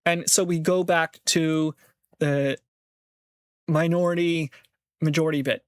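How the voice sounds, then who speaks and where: A man's voice: a little high, fairly even intonation, unhurried, clean tone, dry recording, studio quality. A man talking in a casual monologue, rambling and thinking aloud with frequent restarts, sometimes acting out other people's voices. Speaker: vlogger.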